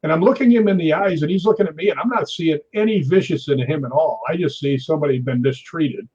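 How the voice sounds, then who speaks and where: Husky-voiced man telling a lively story. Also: a little high, fast talker, dull audio. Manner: animated storyteller, keeps asking "right?". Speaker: guest. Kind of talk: telling a story in a chat show.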